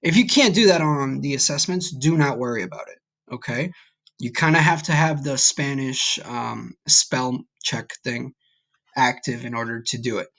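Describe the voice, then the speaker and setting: A man's voice: mid-range voice, normal speed, vocal fry, a bit bright. Male teacher, recorded online lesson, patient, encouraging, checks in often. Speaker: Spanish teacher.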